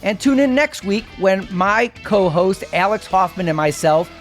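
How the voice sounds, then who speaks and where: A man in his fifties from Milwaukee hosting a podcast, telling a scripted story and outro in a wry, deadpan, jokey way. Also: high voice, measured pace, soft background music. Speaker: podcast host.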